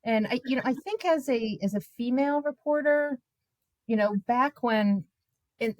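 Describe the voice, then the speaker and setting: A woman in her fifties, a journalist guest, telling her own stories in a candid, animated way with many filler words. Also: a little high, moderate pace, dry recording, dull audio. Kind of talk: candid conversational storytelling.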